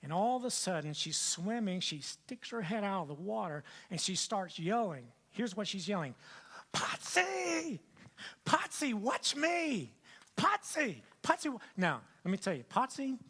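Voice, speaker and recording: An older man preaching a sermon as pastor, swinging from loud emphatic lines to hushed whispers and repeating key phrases for emphasis. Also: high-pitched, animated, moderate pace.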